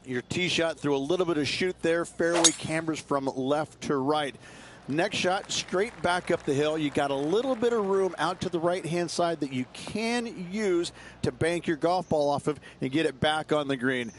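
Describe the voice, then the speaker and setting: A man's voice: a little high, normal speed, slight background noise. A man giving chatty, easygoing golf color commentary, laughing often as he explains the holes.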